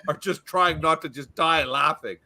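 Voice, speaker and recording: Bright, animated male podcast host. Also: fairly high pitch, normal speed. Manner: animated storyteller, reads out viewer comments. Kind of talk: casual chat.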